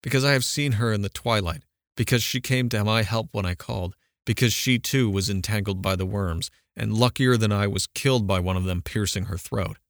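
A man's voice: fairly low pitch, fairly quick, no room sound, clean studio sound, lightly acted. A man reading an audiobook, voicing a haunted, defiant young man who recounts his ordeal with intense urgency.

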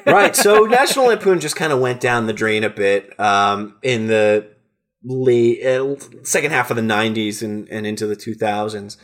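A man's voice: fairly low pitch, normal speed, fairly bright tone. Rambling, profane male podcast host. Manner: rambling, swearing, lots of restarts. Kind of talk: casual podcast chat.

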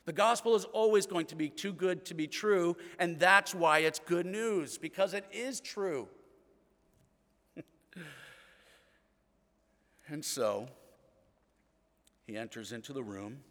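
A middle-aged man preaching a sermon as pastor, telling the story earnestly and often dropping to a hushed tone. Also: on the high side, lively intonation, takes it slowly, pauses often, long reverb tail.

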